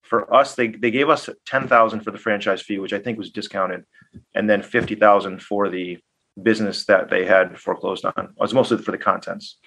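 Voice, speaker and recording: A man's voice: fairly low pitch, a little fast, creaky, breathy edge. A man, a guest investor in an interview, telling casual stories and acting out quoted dialogue. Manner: animated anecdotes, acts out quoted dialogue. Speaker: guest business owner and investor.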